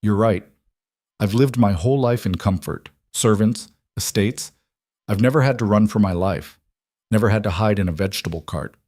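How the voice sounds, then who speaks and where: A man's voice: on the low side, normal speed, darkish tone, no room sound, natural voice. A man voicing a proper, earnest young duke.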